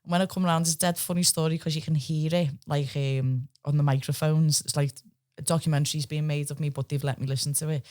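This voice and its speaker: A woman in her thirties with a Liverpool accent, a podcast guest telling stories in a casual, lively chat and swearing freely. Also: sits low, fast talker. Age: 30s. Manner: lively, swears freely, acts out quoted voices.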